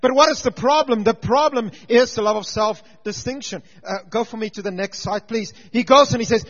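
A man preaching a sermon with stories and humor, swinging from loud emphasis to quiet intensity. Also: extremely high pitch, a little fast, hardly any pauses, long reverb tail. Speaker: pastor and teacher. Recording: dull lo-fi sound.

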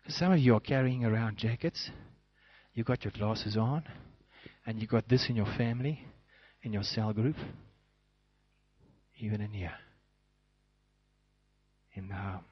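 A man's voice: lowish voice, unhurried, long pauses, slightly rough, dry recording, dull audio. A man preaching a sermon as pastor, acting out little scenes as he goes.

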